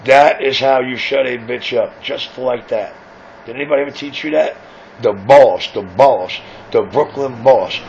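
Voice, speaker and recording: A man with a medium-pitched voice and vocal fry runs a radio shop and boasts over CB radio, brashly taunting rivals with self-important banter. The audio is muffled, as CB radio is, with a faint hiss.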